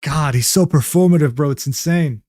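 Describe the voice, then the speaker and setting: A man's voice: on the high side, moderate pace, a little mellow, dry recording, studio quality. Rambling young man in casual stream chat. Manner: rambling, filler-heavy slang with "bro" and "dude". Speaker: streamer reacting to a document. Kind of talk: casual live-stream reaction commentary.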